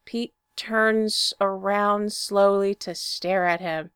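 A woman narrating fan fiction in an expressive storybook reading. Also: mid-range voice, takes it slowly, clear, resonant tone, dry recording, clean studio sound.

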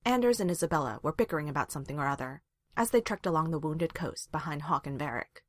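Brief: low, animated woman narrator, dry close sound. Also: fast talker, no echo. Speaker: reader. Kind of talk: reading fan fiction aloud.

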